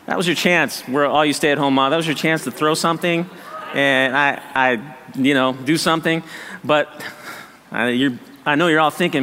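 A man preaching a sermon, lively and conversational, acting out people's excuses and laughing at himself. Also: on the high side, normal speed, big-room sound. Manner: animated, acts out voices of doubters, laughs often. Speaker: pastor.

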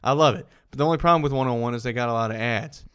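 A young man co-hosting a casual podcast chat, ranting in an animated way with lots of swearing. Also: mid-range voice, racing, clean tone. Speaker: podcast co-host.

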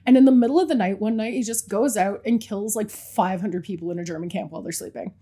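A woman co-hosting a podcast in casual chat, animated and laughing, often trailing off mid-sentence. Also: medium pitch, fast talker, husky. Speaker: podcast co-host.

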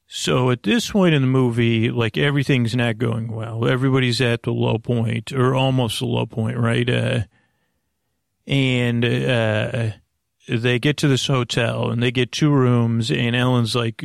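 A man with a gravelly, creaky voice rambles through a movie recap, stopping for fillers and restarts as he goes. His voice is recorded close and dry, with no room sound around it. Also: medium pitch, steady tone, measured pace, no room sound. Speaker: podcast host.

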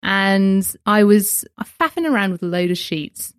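A woman's voice: mid-range voice, animated, unhurried, clear, resonant tone, no echo, clean studio sound. A woman, hosting a casual interview as a massage therapist, chatty and self-deprecating.

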